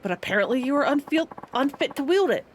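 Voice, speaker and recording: A woman's voice: high-pitched, expressive, quick pace, slight background noise. A woman voicing a haughty male weapons master who speaks in stiff, lofty, formal phrasing.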